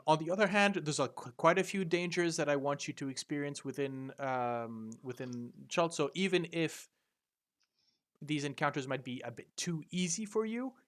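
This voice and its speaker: A man's voice: mid-range voice, a bit bright. Hesitant man running a tabletop game. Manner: hesitant, many fillers and restarts. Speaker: game master. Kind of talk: explaining tabletop game rules.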